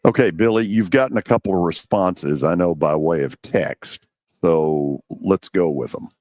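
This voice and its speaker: An older man hosting a sports talk radio show, steering the calls in a measured way. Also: low voice, a little mellow, no room sound, clean studio sound.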